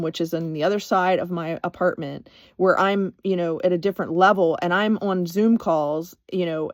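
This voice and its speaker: A woman's voice: mid-range voice, no echo. Emphatic woman life coach, dry sound. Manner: emphatic, repetitive, addressing viewers with "okay?". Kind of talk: faith-based personal storytelling.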